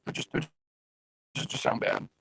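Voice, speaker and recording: A man with a raspy voice hosting a casual livestream, chatting loosely and directly to his viewers over a phone. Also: measured pace, a bit bright, poor audio. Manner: rambling, chatty, talks straight to viewers. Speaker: livestream host.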